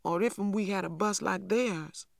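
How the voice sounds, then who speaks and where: A man voicing a small, proud, indignant boy, his high voice drawn out into a wail. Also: measured pace, vocal fry, no room sound, studio quality. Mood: protesting.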